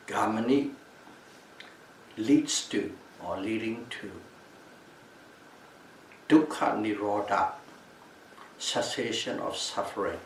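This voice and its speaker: A male meditation teacher giving a calm Buddhist Dhamma talk at a retreat, repeating and restating key terms as he explains them. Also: on the low side, slow, pauses often. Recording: echoey room, mic at a distance, faint background noise.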